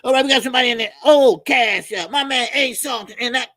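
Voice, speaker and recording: A man's voice: very high voice, fast, pushed and bright, no room sound, studio quality. A middle-aged man hosts a casual boxing livestream. He talks loose and profane, laughs a lot and reads out viewer comments and donations.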